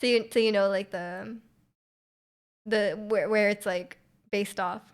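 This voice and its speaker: A woman with a Canadian accent, chatting casually with viewers on a stream, full of fillers and restarts and quick to laugh. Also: mid-range voice, fairly even intonation. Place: home room.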